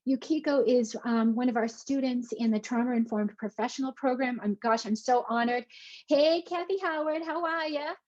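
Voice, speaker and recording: A woman's voice: high voice, normal speed, darkish tone. Effusive chatty woman, lo-fi webinar audio. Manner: chatty and effusive, many fillers and exclamations. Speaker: webinar presenter. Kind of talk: casual live webinar talk.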